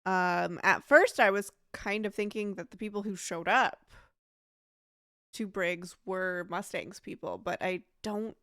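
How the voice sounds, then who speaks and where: A woman's voice: mid-range voice, a little slow, a bit bright, no room sound, studio quality. A woman reacting to an anime in a casual vlog, chatty and emotional, with many fillers and restarts.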